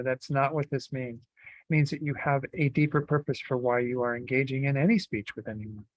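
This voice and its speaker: A man gives a Buddhist dharma talk in an easygoing, conversational way, pausing on fillers and restarting phrases as he thinks. His voice sits at an ordinary middle pitch, and the recording is close and dry with no room echo. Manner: relaxed, conversational teaching with many fillers. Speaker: Buddhist teacher.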